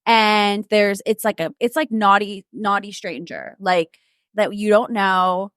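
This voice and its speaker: A woman's voice: mid-range voice, steady tone, unhurried, a bit bright, clean tone, dry recording, clean studio sound. A woman co-hosting a podcast in casual chat, talking frankly and with self-assurance. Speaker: podcast co-host.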